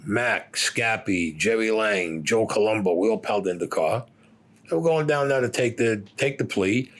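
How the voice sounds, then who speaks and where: An older man telling his own story bluntly, swearing freely and acting out what others said. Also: on the low side. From Brooklyn, New York. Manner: blunt, profane, acts out other people's lines. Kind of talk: first-person storytelling.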